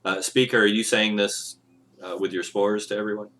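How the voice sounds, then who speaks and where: A man's voice: lowish voice, little pitch movement, normal speed, a bit bright. A man running a tabletop game as game master, often laughing and amused.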